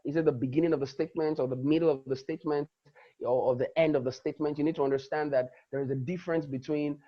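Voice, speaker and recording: Husky man teaching public speaking. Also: on the high side, fairly even intonation, quick pace, dull audio. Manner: demonstrative, dramatically shifts emphasis and loudness. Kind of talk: lecture.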